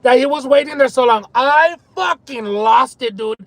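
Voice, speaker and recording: Man, high-pitched voice, profane, excitable, eating on a live stream, parked car. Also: normal speed, no room sound, poor audio. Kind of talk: casual live-stream chat while eating.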